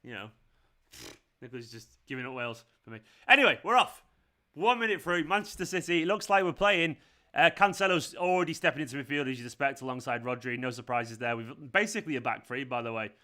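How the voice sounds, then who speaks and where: A young man hosts a football watchalong stream, chatting casually and providing commentary while he teases and laughs often. His medium-pitched voice is expressive, fast and sharp in tone.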